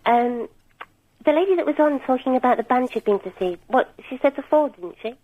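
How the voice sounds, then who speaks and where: A woman's voice: high-pitched, expressive, a little fast. A woman calling in to a radio show who tells a chatty story hesitantly, with many ums. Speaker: caller. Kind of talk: phone-in call. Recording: tinny phone line.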